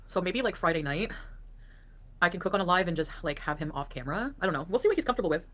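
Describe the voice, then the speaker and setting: A woman chats casually on a livestream from her home, wandering from thought to thought with many fillers. Her pitch swings widely, and she keeps breaking off mid-sentence to coo at her pets. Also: lively intonation, racing, fairly bright tone. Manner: rambling, full of fillers, breaks off to talk to pets.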